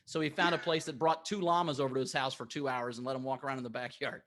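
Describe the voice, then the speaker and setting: A man who is a guest comic, telling a story in an animated way in a casual comedy chat. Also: medium pitch, quick pace.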